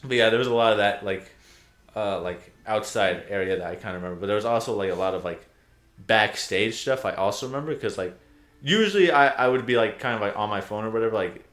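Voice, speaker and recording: A young man co-hosts a casual podcast, his voice sitting on the low side. He rambles through his stories with lots of fillers. The sound has a roomy echo. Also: lively intonation, fast, a bit bright. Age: young adult. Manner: rambling, filler-heavy storytelling with bursts of laughter. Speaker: podcast co-host. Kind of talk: casual chat.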